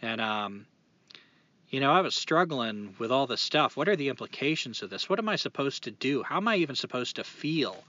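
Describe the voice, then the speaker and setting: A man's voice: medium pitch, very animated, a little fast, bright, forceful tone, no echo. A man co-hosting a podcast, reading a reflective passage and then talking casually and thoughtfully, with fillers and restarts. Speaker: podcast co-host. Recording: dull lo-fi sound.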